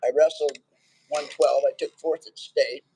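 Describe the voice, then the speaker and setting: An older man from Nebraska, a retired Navy veteran, telling about his life in a plainspoken, halting way. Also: fairly high pitch, steady tone, warm tone, slight background noise, low-quality recording. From Nebraska, USA. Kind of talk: casual chat. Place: outdoors by a fire.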